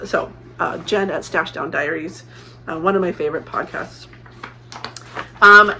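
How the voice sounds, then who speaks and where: A woman's voice: mid-range voice, sharp tone, a little hiss or hum. A middle-aged woman from Arizona chatting casually as a crafting vlogger, rambling with many fillers and restarts. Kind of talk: casual chat.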